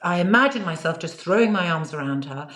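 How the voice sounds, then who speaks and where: Earnest woman, lowish voice. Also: lively intonation, brisk, fairly bright tone. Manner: earnest, reflective, frequent fillers. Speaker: author, interview guest. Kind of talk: relaxed storytelling in conversation.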